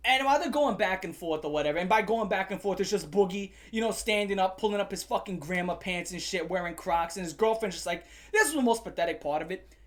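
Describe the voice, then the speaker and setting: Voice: medium pitch, expressive, fast, fairly bright tone. Host on a profane, heated rant. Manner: heated, swearing, repeats phrases for emphasis. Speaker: commentary channel host.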